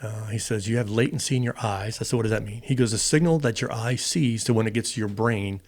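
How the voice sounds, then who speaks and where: A middle-aged American man, once a fighter pilot, guests on a podcast and casually tells a long personal story, voicing both sides of the dialogue. His voice is fairly low and a little mellow, and he talks fast.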